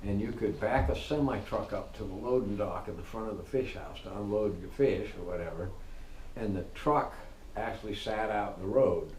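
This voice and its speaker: A man's voice: lowish voice, moderate pace. A middle-aged man telling a story in casual talk, laughing often and acting out what people said. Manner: animated, laughing, swearing, acts out quotes. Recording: echoey room with faint noise.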